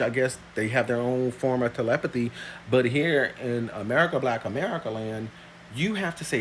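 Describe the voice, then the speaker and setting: A man telling a story to camera in a casual, emphatic way, his voice leaping from low asides to loud high outbursts. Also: moderate pace, a little hiss or hum. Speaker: vlogger.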